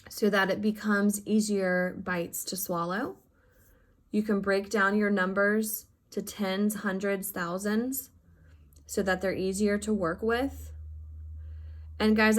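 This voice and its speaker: A woman teacher speaks to her fifth graders in a recorded lesson, open and affectionate. Her voice sits at an ordinary middle pitch, and she keeps an upbeat, encouraging tone as she walks them through the math. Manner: heartfelt and affectionate with her students. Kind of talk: recorded remote class lesson.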